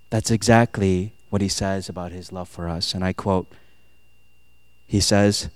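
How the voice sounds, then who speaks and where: A male pastor preaching a sermon, swinging between loud, emphatic passages and soft, hushed asides, quoting and acting out lines. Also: fairly low pitch, slow, clean tone, no room sound. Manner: quotes and acts out lines, laughs at himself.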